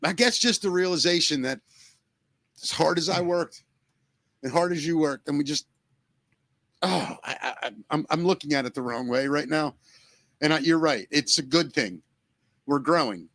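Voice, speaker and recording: Podcast co-host, man, earnest and shaken, tearful, bright tense tone. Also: fairly high pitch, lively intonation, no room sound. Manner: earnest, emotional, swearing, halting restarts. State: close to tears. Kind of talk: emotional podcast talk.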